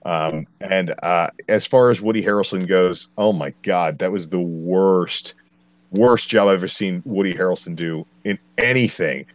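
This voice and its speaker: A man's voice: deep voice, normal speed, no room sound. A man ranting a blunt, profane movie review as a podcast co-host, exasperated and swearing freely.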